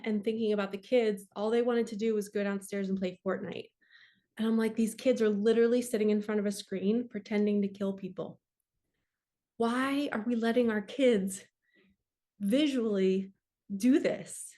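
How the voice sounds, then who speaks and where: A woman's voice: medium pitch, darkish tone. A young adult woman giving a casual tarot reading, talking passionately and rambling with lots of "like". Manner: passionate, rambling, says "like" often. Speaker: tarot reader and spiritual coach.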